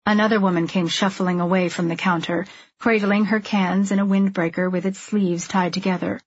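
A woman narrating a novel in a steady, measured and subdued way. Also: medium pitch, breathy edge, no echo, lo-fi sound. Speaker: audiobook narrator. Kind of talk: scripted narration.

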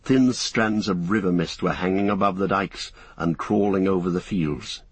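A male audiobook narrator with a low, husky voice, reading a fantasy novel in a measured, even way. The recording is dry and close. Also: dry recording.

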